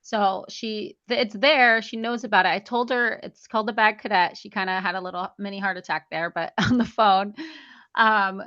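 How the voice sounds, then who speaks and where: Woman guest, bright and crisp voice, chatty storyteller acting out quotes, dry dull lo-fi audio. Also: mid-range voice, steady tone, moderate pace, no room sound. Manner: chatty, acts out quoted dialogue, many "like"s. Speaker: guest, memoir author. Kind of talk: casual interview storytelling.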